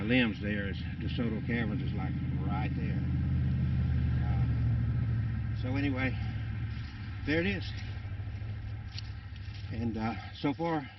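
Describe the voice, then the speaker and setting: Out on wooded rural land, a man with a lowish voice vlogs as he walks, rambling breathlessly and leaning on fillers. The outdoor audio sounds distant and dull, with a noisy background.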